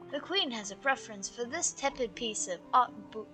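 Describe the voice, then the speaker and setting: A woman's voice: a little high, lively intonation, moderate pace, music in the background, lightly acted. A woman voicing a pompous, aging male art curator in a put-on British accent, reading game dialogue aloud with grandiose, theatrical phrasing. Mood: indignant.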